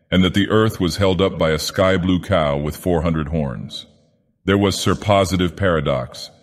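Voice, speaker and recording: A man voicing an ancient godlike male villain who narrates a storybook tale with a slow, grand, theatrical delivery. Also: low voice, natural voice. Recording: long cavernous reverb.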